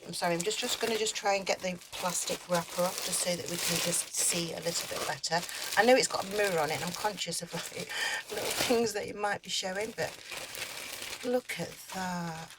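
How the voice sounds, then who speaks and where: A woman who makes crochet videos, halting and teary as she talks through an unboxing, with many ums and restarts. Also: lowish voice, background noise. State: teary and emotional. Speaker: crochet YouTuber. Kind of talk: casual unboxing vlog.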